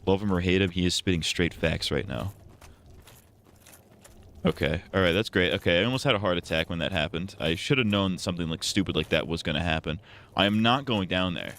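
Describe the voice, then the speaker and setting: A low-voiced man chats casually while playing a game on a live stream. He rambles from joke to joke and keeps poking fun at himself. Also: fairly quick, fairly bright tone. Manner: rambling, joking, self-mocking.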